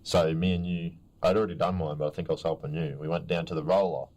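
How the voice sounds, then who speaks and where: Young man, podcast co-host, very low voice, lively storyteller. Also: fast talker, background noise. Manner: animated storytelling, acts out others' voices. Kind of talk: casual chat.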